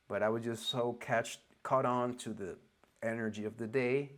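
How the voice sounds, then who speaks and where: A man with an Oregonian accent and English learned as a second language gives a loose spoken lesson as a spiritual teacher, halting and searching for words with frequent restarts. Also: medium pitch, steady tone. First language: not English.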